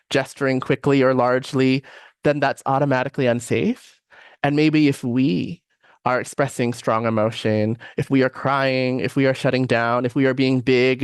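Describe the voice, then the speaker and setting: A man's voice: mid-range voice, no echo, clean studio sound. A man presenting a live online workshop in a reflective, conversational way. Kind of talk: live online teaching session.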